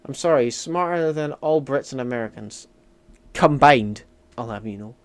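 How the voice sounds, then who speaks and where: A young Scottish gaming streamer plays a strategy game while bantering with chat, his medium-pitched voice animated, brisk and clean in tone. He's chatty and jokey, swinging from mumbling asides to loud mock outrage as he answers viewers.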